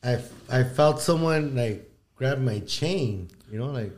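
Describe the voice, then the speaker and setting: A man's voice: medium pitch, animated, takes it slowly, darkish tone. A man in his thirties, a podcast guest, telling a story in casual chat with heavy swearing and frequent laughs. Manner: profane, rambling, laughs often.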